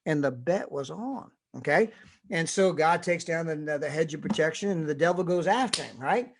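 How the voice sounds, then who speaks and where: A middle-aged man gives a motivational talk in the style of a sermon, with a voice pitched a bit high. He tells stories, keeps checking in with "right?", and builds to exhorting peaks. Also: normal speed. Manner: storytelling with frequent tag questions; exhorting, rising emphasis. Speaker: motivational speaker.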